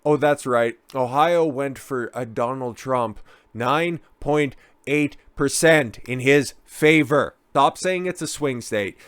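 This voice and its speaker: A man's voice: medium pitch, takes it slowly, fairly bright tone, clear, resonant tone, no room sound. A man doing a profane, sarcastic and combative political commentary rant. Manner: mocks others in put-on whiny voices.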